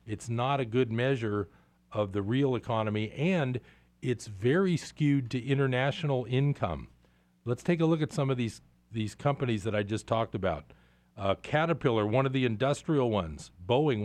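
A man's voice: mid-range voice, darkish tone, dry recording. A man hosting a show, delivering sarcastic, exasperated commentary on the markets. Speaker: radio show host.

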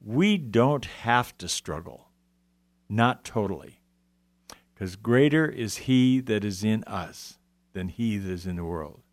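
Man, low voice, earnest faith testimony, dry close sound. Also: expressive, takes it slowly, no echo. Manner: earnest, emotional, quotes scripture. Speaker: guest sharing testimony. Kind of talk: christian testimony chat.

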